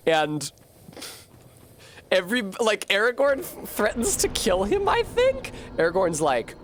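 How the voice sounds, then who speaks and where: A man's voice: high voice, wildly swooping pitch, unhurried, a bit bright, slight background noise. A man streaming a game, chatting casually in a profane, rambling way and laughing often. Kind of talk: casual gameplay chat.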